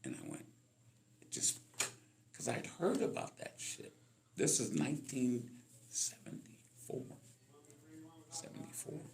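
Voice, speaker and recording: A man in his sixties from Los Angeles, a musician telling stories from his life as a guest in an interview, animated and acting out the people in them. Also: medium pitch, unhurried, creaky, pauses often. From Los Angeles, California. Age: 60s. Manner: animated storyteller, acts out voices in his anecdotes. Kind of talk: storytelling interview.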